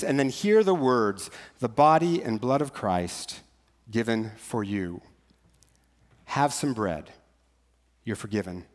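Light-voiced male pastor in a reverberant church. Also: a little high. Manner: conversational and joking, with rhythmic rhyming lines. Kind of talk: sermon. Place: church sanctuary. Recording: long church hall reverb.

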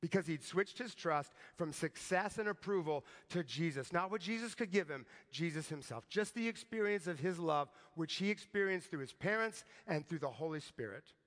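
High-voiced male preacher in a reverberant hall. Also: animated, normal speed, few pauses, a bit bright. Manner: conversational, tag questions like "right?". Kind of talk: sermon storytelling.

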